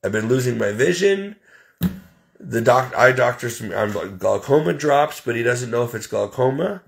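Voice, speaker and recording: A man's voice: medium pitch, lively intonation, normal speed, creaky. A man talking straight to his viewers in a casual vlog, listing his troubles in a plain-spoken, exasperated way. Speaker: vlogger. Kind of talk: casual personal venting to camera.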